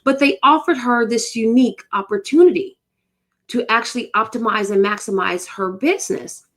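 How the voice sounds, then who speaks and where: A woman's voice: a little high, normal speed, a bit bright. A woman from the United States, hosting a live motivational talk and speaking emphatically straight to her viewers. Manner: emphatic, repeats phrases, talks to viewers. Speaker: host of a live motivational show.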